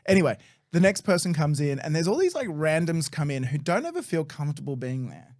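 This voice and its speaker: Animated man telling stories. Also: fairly high pitch, fairly quick. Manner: animated, swears a lot, acts out quotes. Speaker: podcast guest. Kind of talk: casual storytelling.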